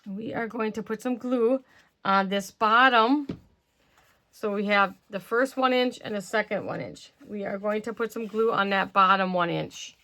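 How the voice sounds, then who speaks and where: A woman's voice: mid-range voice, a little slow, pushed and bright. A woman hosting a craft tutorial, explaining steps casually while working with her hands and murmuring to herself, her voice slightly worn and losing strength. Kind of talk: casual step-by-step craft instruction.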